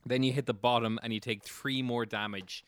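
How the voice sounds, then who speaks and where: A man's voice: mid-range voice, steady tone, moderate pace, fairly bright tone, slight background noise. A man running a tabletop game as game master, narrating casually with fillers and swearing. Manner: rambling, profane, many fillers.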